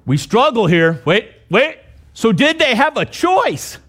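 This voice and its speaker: A man preaching a sermon, reading scripture slowly and emphatically, with sudden loud, exclaiming peaks. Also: very high voice, very animated. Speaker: pastor.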